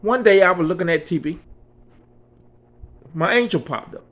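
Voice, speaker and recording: A man's voice: high voice, lively intonation, normal speed, a bit bright, muffled recording. A man in his sixties, an author, telling a spiritual story in an earnest, conversational way. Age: 60s.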